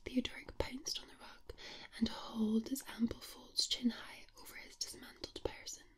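A woman with a Scottish accent reading a story aloud in a slow, soft ASMR whisper. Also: fairly high pitch.

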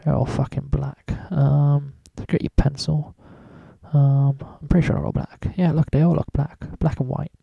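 Gravelly, swearing man. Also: on the high side, level tone, moderate pace, dry recording, dull audio. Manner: rambling, swears in nearly every sentence. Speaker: drawing tutorial maker. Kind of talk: casual screen-recorded tutorial.

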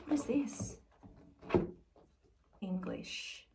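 A young woman vlogging at home, gushing over a gift in an unhurried way. She swings from excited squeals to soft murmurs. The mic sits a little away from her, with a faint hiss behind. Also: medium pitch. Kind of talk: casual vlog, unboxing a gift. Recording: slightly distant mic with faint noise.

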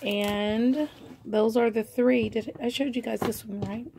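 A woman's voice: a little high, steady tone, a little slow, vocal fry, mellow, slight background noise. A woman selling vintage finds online, showing items in a casual, rambling, chatty way full of fillers. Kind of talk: casual show-and-tell.

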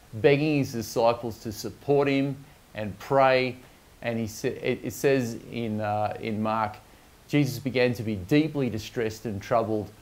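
A man preaching a sermon, speaking reflectively with frequent fillers and restarts. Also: mid-range voice.

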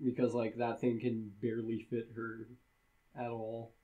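A man's voice: mid-range voice, monotone, unhurried, phone-quality sound. A man co-hosting a podcast, chatting casually and crudely about a horror movie, laughing often. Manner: crude, laughs often, does goofy voices. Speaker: podcast co-host. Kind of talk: casual movie-review banter.

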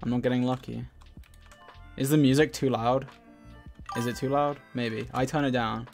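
A man's voice: mid-range voice, fairly even intonation, moderate pace, vocal fry. A man live-streaming a game, chatting in a scattered way, laughing often and thanking viewers. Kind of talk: casual live-stream chat while gaming. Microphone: desk microphone. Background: faint game music.

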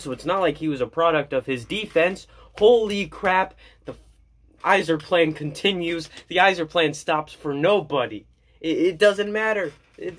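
A man vlogging as an excited hockey fan, gushing and jokey, repeating his lines. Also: fairly high pitch. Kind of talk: excited fan commentary to camera.

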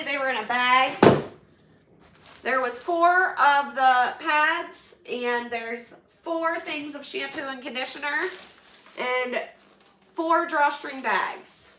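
High-voiced gushing woman live-streaming. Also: takes it slowly, sharp tone. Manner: gushing, emotional, thanks viewers often. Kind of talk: casual live-stream chat while unboxing donations. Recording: roomy, far from the mic, noisy.

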